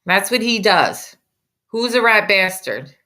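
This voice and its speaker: A woman's voice: mid-range voice, expressive, slow pace, bright, forceful tone. A woman hosting reaction commentary over a clip, mocking and combative in tone. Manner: mocking, sarcastic, combative ranting. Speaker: commentary host.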